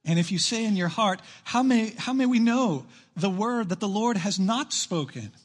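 High-voiced husky preacher man. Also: animated. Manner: emphatic preaching, shifting between rushed asides and slow stressed lines. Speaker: pastor. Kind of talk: sermon. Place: church sanctuary.

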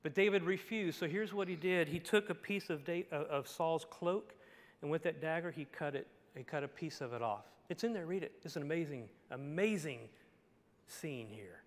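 High-voiced pastor preaching in a reverberant hall. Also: male voice, expressive, normal speed. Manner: dynamic storytelling, swinging from hushed to shouting. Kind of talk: expository sermon.

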